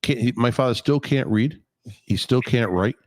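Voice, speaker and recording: A man who runs a pizza business, chatting on a radio show in an eager way, stumbling over his words as he rushes on. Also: mid-range voice, no echo. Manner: fast, eager, tumbling restarts. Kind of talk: casual radio talk.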